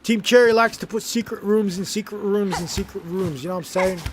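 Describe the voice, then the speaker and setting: High-voiced young man rambling on stream. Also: fairly quick. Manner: rambling, gets worked up and loud. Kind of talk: casual livestream gaming chat. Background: game music.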